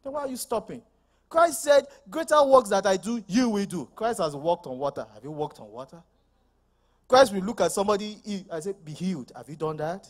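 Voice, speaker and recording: A man preaching a sermon as pastor, emphatic, full of rhetorical questions and sudden shouted lines. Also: high-pitched, big pitch swings, a little fast. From Nigeria.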